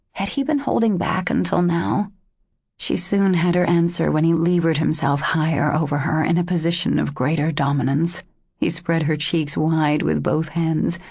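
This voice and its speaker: A woman narrating a romance audiobook in a slow, intimate reading. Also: sits low, creaky, darkish tone, husky, no echo, clean studio sound.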